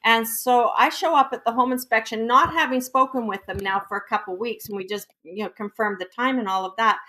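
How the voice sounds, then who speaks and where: A woman's voice: on the high side, moderate pace, sharp tone. A woman, a guest realtor, sharing stories in a giggly way, laughing as she talks. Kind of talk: casual storytelling chat.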